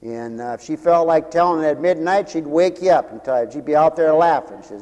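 A high-voiced male preacher, full of fervor, gives a revival sermon in rhythmic, repetitive phrasing dotted with hallelujahs. His delivery, a little fast with few pauses and a slightly mellow tone, swings from ringing exclamations to low muttered asides. Long church-hall reverb surrounds the sound.

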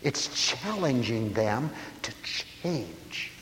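Animated preacher man in a reverberant hall. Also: medium pitch, drawn-out words. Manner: swings from hushed murmurs to loud exclaiming; chuckles often between points. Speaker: pastor. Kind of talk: sermon. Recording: hall reverb with faint hiss.

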